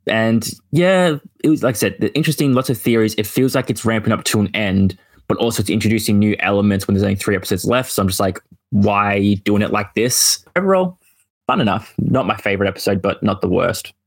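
A man chatting casually on a podcast, laid-back, blunt and quick to laugh. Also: on the low side, lively intonation, husky. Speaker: podcast co-host. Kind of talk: casual chat.

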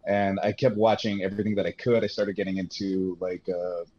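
Man guest, lowish voice, rambling enthusiastic storyteller, muffled lo-fi line. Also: fairly even intonation, brisk, darkish tone. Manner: rambling, enthusiastic, with fillers and self-mocking sarcasm. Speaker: podcast guest. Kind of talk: casual podcast chat.

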